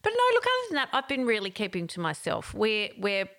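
A woman hosting a casual radio chat, joking and chatty with quick mocking asides. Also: mid-range voice, huge pitch swings, a bit bright. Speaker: radio show host.

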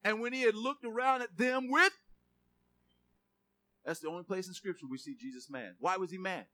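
A male pastor giving a sermon in a lively, joking way, reading scripture aloud. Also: high-pitched, moderate pace.

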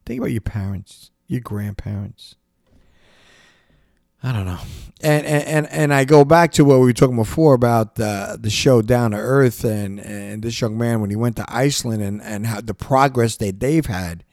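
A man of middle pitch hosts a podcast and rants with passion, restarting sentences and hammering the same phrases. The recording is dry and close, with no room sound at all. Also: moderate pace, darkish tone, no echo. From United States. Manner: repetitive, restarts often, emphatic rants. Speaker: podcast host. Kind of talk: impassioned podcast monologue.

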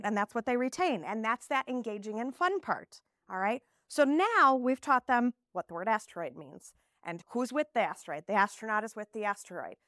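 A woman from Texas, an early childhood teacher giving an animated live conference presentation, slipping into playful classroom talk. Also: on the high side, dry recording, clean studio sound.

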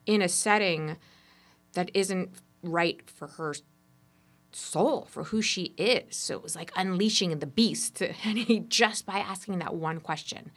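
A woman guest in an interview, telling personal stories in an animated, expressive way. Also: on the low side, unhurried. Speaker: entrepreneur guest.

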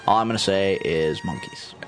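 A man's voice: low-pitched, normal speed, soft background music. A man co-hosting a podcast in casual chat, swearing often, laughing a lot and acting out voices in his stories. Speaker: podcast co-host.

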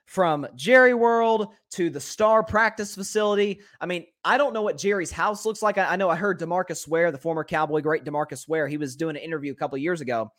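High-pitched opinionated sports talk host. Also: male voice, a little fast, hardly any pauses. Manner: animated, opinionated, repeats words while thinking. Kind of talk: solo sports talk commentary.

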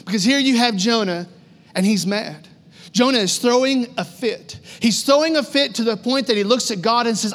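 A male pastor preaching a storytelling sermon in an animated, conversational way, full of repetition. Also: very high voice, normal speed, in a large hall.

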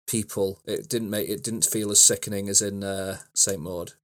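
A man co-hosting a podcast in casual chat, relaxed and rambling as he talks. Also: on the low side, normal speed. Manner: relaxed, rambling, many fillers and restarts. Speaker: podcast co-host.

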